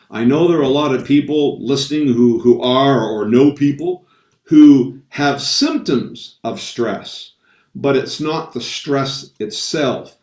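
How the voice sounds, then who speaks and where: A man's voice: mid-range voice, unhurried, darkish tone. A man speaking as a stress coach to an online roundtable, stressing key points and repeating them. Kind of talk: talk to an online roundtable audience. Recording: roomy sound from a distant mic.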